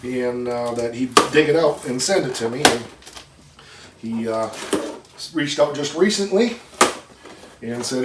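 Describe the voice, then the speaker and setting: A man's voice: medium pitch, measured pace. Folksy, chatty male host from northern Michigan, unboxing in a roomy shop, mic set well back, plenty of background noise. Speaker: shop owner and channel host. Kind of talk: casual chat while unboxing. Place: shop or barn workshop. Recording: echoey shop, mic at a distance, noisy.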